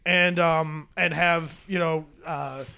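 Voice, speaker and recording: A man's voice: on the high side, steady tone, slow pace, creaky, pushed and bright, clear, resonant tone. A man who is a stand-up comedian, talking as a podcast guest in a rambling, profane, self-mocking way. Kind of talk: casual chat. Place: podcast studio.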